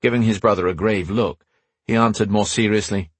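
A man's voice: fairly low pitch, steady tone, a little fast, slightly rough, dry recording. A man narrating a novel as an audiobook, telling the story expressively into a close mic. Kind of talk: scripted narration.

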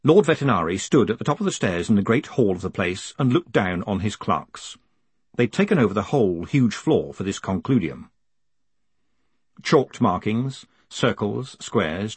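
A man narrating an audiobook in a wry, measured storytelling manner. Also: on the low side, husky, dry recording. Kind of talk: scripted narration.

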